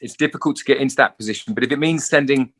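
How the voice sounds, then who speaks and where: Speaking very fast in a medium-pitched, fairly bright voice, a middle-aged actor from England tells lively stories as a guest in a relaxed interview, performing the voices of the people he quotes.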